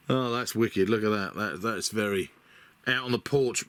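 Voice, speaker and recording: A man's voice: mid-range voice, expressive, moderate pace. A middle-aged British man talking in a rambling, chatty, self-deprecating way as he sorts through parts in his workshop. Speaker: miniature model builder. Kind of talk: casual hobby vlog. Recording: noisy workshop recording with clicks.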